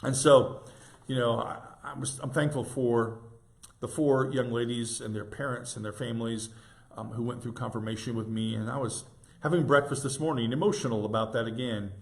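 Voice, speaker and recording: A man in his sixties, a pastor, giving an informal devotional reflection in a tender, halting way with gentle restarts. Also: mid-range voice, steady tone.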